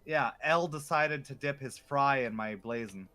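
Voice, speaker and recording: A man with a medium-pitched, sharp-toned voice talks a little slowly as he chats casually with a friend during an online game. He's a co-op gamer telling rambling stories packed with fillers.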